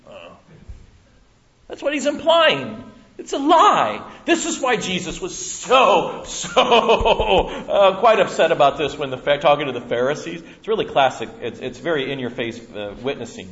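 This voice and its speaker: A man preaching a Bible-teaching sermon in an animated way, acting out voices and laughing often. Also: on the high side, normal speed. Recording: muffled lo-fi recording.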